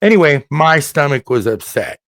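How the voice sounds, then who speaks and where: Animated man hosting a comedy podcast. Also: fairly high pitch, normal speed, creaky, dry recording, clean studio sound. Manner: animated storyteller, often laughing and joking. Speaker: podcast host. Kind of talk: casual comedy chat.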